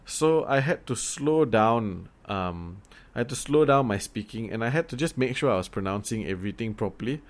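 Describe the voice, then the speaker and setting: A Singaporean man with a Singaporean English accent chats casually and animatedly, swearing freely and using many fillers and restarts. His voice is on the low side and expressive, at normal speed with few pauses.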